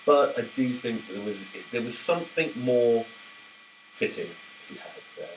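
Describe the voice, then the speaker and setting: A man's voice: mid-range voice, moderate pace, slight background noise, rough recording. A man co-hosting a podcast in casual chat, rambling and jokey, often breaking off mid-sentence. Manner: rambling, self-interrupting, jokey. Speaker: podcast co-host.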